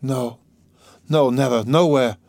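A frantic young woman cries out in a high, pleading voice, bewildered and desperate, as a male audiobook reader puts her on. Her words come urgent and tearful over a dry, close recording. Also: moderate pace, a little mellow, no echo, natural voice. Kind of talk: audiobook character voice.

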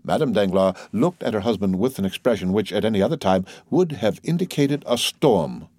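A man narrating a classic novel audiobook in a steady, even storytelling voice. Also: on the low side, a little fast, no room sound.

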